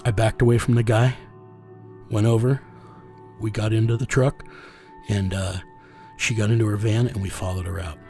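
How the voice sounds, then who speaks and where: A man's voice: lowish voice, steady tone, moderate pace, vocal fry, pauses often, warm tone, faint music behind. A man bluntly recounting a story in an interview, swearing freely and acting out the dialogue. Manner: blunt, profane, acts out quoted dialogue. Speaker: documentary interviewee.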